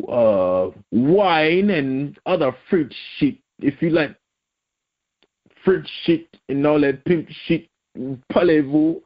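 A man putting on a haughty, exaggerated Frenchman who babbles drawn-out mock French words in a sing-song way. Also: fairly low pitch, lo-fi sound. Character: mocking exaggerated Frenchman, adult male, haughty.

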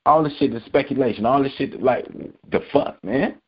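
A man's voice: medium pitch, a little fast, breathy edge, lo-fi sound. A man hosting a podcast, delivering a profane, heated weekly rant. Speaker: podcast host.

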